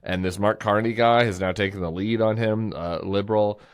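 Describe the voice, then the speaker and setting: A man co-hosting a political podcast in casual chat, animated and often mimicking the people he talks about. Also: fairly low pitch, moderate pace, clear, resonant tone. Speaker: podcast co-host.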